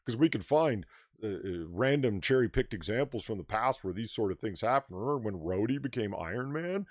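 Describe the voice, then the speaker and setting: Ranting sarcastic man, lively pitch. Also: fairly quick, dry recording, clean studio sound. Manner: ranting, sarcastic, swears freely. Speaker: podcast host. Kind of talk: casual livestream chat.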